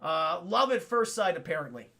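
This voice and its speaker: Gravelly, profane streamer recapping a film. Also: male voice, sits high, sing-song, moderate pace, sharp tone. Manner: profane, rambling, talks to chat.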